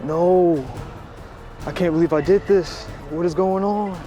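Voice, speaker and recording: Teen actor as a shaken teen driver, slow, dark, apologetic. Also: male voice, high voice, fairly even intonation, muffled recording, soft background music. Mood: stunned. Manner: dazed, apologetic. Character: stunned remorseful teen boy driver. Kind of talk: staged crash re-enactment.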